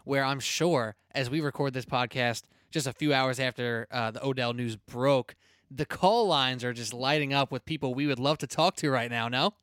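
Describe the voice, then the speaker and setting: Chatty sports podcast host, smooth voice. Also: male voice, medium pitch, normal speed, no echo, studio quality. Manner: energetic, blunt, chatty. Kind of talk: casual sports podcast talk.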